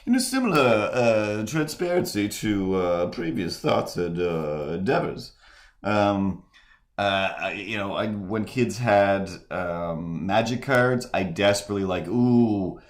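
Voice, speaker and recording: A man hosting a live stream, chatting casually and rambling with many halting restarts and fillers. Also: lowish voice, animated. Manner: mimics voices in quoted asides. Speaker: streamer and host.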